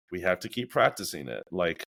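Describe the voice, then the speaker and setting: A man's voice: sits low, moderate pace, gravelly. A man hosting a casual podcast, talking reflectively and acting out his own inner voices as he tells stories. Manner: reflective, animated storytelling with acted-out inner voices. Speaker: podcast host.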